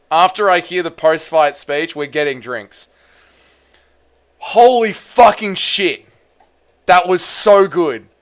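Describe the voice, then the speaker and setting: Hosting a live fight watch-along stream, a man with a fairly high voice commentates excitably and swears heavily. He yells at the big moments, then talks in a drained, emotional way.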